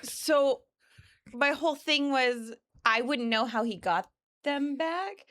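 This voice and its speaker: A woman's voice: high-pitched, animated, takes it slowly, fairly bright tone. Playful woman in casual chat. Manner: playful, laughing. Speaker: podcast co-host.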